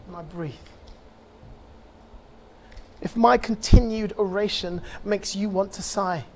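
A bereaved father speaks at a conference, his high voice reciting a spoken-word poem with rhythmic, impassioned delivery and dramatic pauses. There's a faint hiss or hum in the recording.

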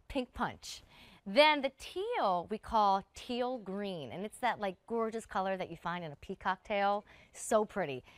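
A woman hosting a live home shopping show, chatting warmly and gushing about clothes to viewers. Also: medium pitch, smooth, dry recording. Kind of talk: live TV sales pitch.

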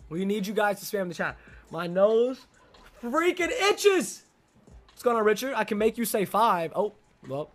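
High-voiced excitable young male streamer. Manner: excitable, greets chat by name, slangy. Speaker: game streamer. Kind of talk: live gameplay commentary.

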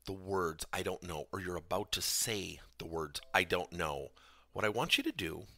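A man's voice: deep voice, gravelly, sharp tone, slightly rough, no room sound, studio quality. A middle-aged man, a business coach hosting a podcast, tells a story and acts out both sides of a conversation.

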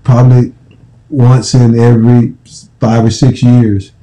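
A man voicing a stern middle-aged male head coach who speaks slowly and deliberately, pausing on "uh". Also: medium pitch, flat delivery, warm tone, close to an everyday voice, poor audio. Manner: slow, deliberate, halting with "uh".

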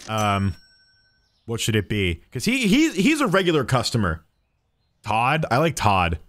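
A man's voice: mid-range voice, fairly bright tone, dry recording, studio quality. A man streaming a game, chatting playfully with in-game customers as if he were a cheerful cashier. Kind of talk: casual gameplay commentary.

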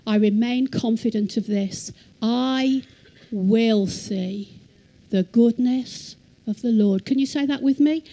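Slow, mellow-voiced woman preaching. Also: fairly high pitch, rough recording. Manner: slow, emphatic scripture reading, leads congregation in repeating. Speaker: church teacher. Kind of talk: sermon. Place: church hall.

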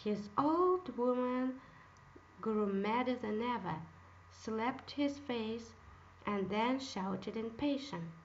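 A woman storyteller reading a fairy tale aloud in a slow, measured way. Her voice sits a little high. The recording is dull and lo-fi. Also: lively intonation, slight background noise.

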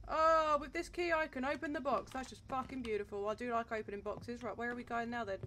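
Young woman, streamer, higher voice, nervy and foul-mouthed commentary, faint hiss behind. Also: fairly even intonation, quick pace, pushed and bright. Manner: jumpy, nervous running commentary, heavy swearing. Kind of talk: horror game let's-play commentary.

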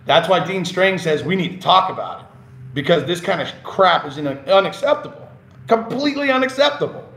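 A man's voice: sits high, expressive, a little fast, fairly bright tone. A man hosting a casual live stream, reading chat messages, laughing often and getting passionate when he rants. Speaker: livestream host. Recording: roomy echo.

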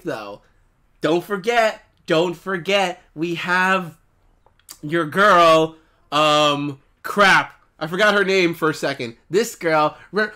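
A man hosting a reaction video, yelling and laughing at a cartoon, then talking it over more calmly. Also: high-pitched. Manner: excitable, shouting and laughing, then calmer musing. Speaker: reaction channel host.

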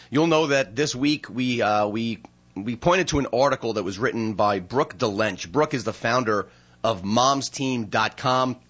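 A man's voice: medium pitch, fairly bright tone, muffled recording. A man hosting a radio talk show from a studio, chatting casually and reading down a list of questions.

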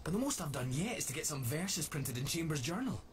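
Young innkeeper dude, earnest and wistful, kinda high voice, hissy noise behind. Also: male voice, brisk. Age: young adult. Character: young male innkeeper, restless would-be writer. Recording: steady background noise.

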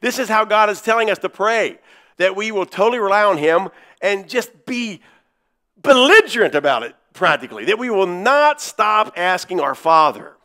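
A pastor preaches a sermon in church with a high, bright, animated voice whose pitch swings widely. He leans hard on key words, slowing and repeating them for emphasis, while his delivery rises loud and drops to a hush.

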